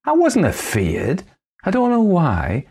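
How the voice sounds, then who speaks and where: A man lifts his voice into a giddy young farm girl from the northern moors, speaking thick Northern English dialect. She rushes through her tale, eager and starry-eyed, in a voice pitched well above his usual low tone. A storybook reading with bright excitement. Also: vocal fry, slightly rough, full character voice. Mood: excited. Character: Laura, eager foolish young country girl.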